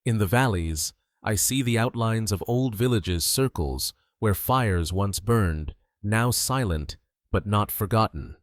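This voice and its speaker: Male sleep-documentary narrator, low, dry close sound, calm and measured. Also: dry recording.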